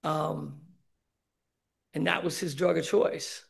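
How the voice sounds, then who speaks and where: A man speaking candidly at a recovery meeting, sharing his personal story with many halting fillers. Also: on the high side, steady tone, gravelly, breathy edge. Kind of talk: personal testimony.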